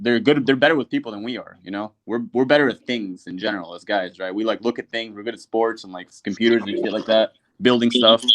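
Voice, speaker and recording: A man in his twenties hosting a casual online group chat, blunt and profane, full of filler words. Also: lowish voice.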